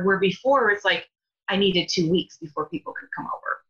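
Bright-voiced chatty mom on a dull call line. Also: female voice, high voice, moderate pace. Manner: chatty, animated. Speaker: caller. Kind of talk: casual testimony.

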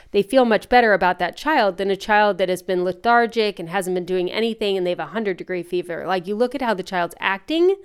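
Chatty frank mom, smooth clear voice. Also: female voice, mid-range voice. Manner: chatty, frank, animated storytelling. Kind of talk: casual chat.

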